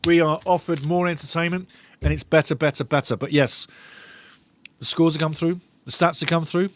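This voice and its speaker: A man's voice: fairly high pitch, a bit bright, dry recording. A male fan host reading viewers' chat aloud during a live football watch-along, enthusiastic and given to repeating his phrases.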